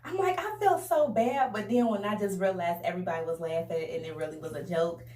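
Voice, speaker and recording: A woman's voice: fairly low pitch, a little fast. Chatty young woman with a roomy, distant sound. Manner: chatty, animated, addresses viewers as y'all. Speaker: vlogger. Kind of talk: casual storytime. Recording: roomy echo, a bit distant from the mic.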